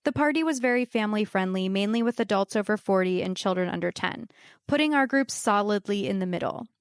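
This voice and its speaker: A woman telling a comedic true story to a live audience with wry, deadpan asides. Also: medium pitch, fairly quick, clear, resonant tone, dry recording, clean studio sound.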